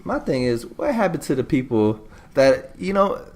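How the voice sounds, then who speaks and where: A man co-hosting a podcast, talking casually about the news in a relaxed way, with lots of "you know" asides. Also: medium pitch, moderate pace. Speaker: podcast co-host.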